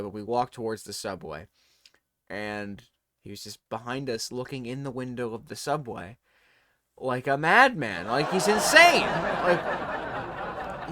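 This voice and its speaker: Hosting his own show, a tired man tells a rambling comic story, interrupting himself and laughing along as he goes. His voice is mid-range with a fairly bright tone, and the talk is a casual, comedic storytelling monologue.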